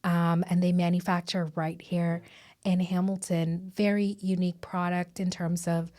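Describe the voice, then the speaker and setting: A woman hosts a podcast in a slightly low voice. She chats with her guest in an eager, upbeat way. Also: flat delivery, measured pace, dark tone. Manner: enthusiastic, chatty. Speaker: podcast host. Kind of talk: conversational interview.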